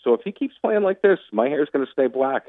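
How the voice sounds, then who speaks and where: A man's voice: medium pitch, very animated, brisk, no echo. A man calling in as a sports commentator, talking in a casual interview with emphatic, opinionated rants. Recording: tinny phone line.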